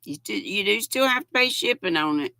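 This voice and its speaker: Livestreaming from her home, an older Southern US woman reads out comments and greets viewers by name in a folksy, casual way. She speaks fairly quickly with lively intonation in a medium-pitched voice that is gravelly and sharp, and there is no echo.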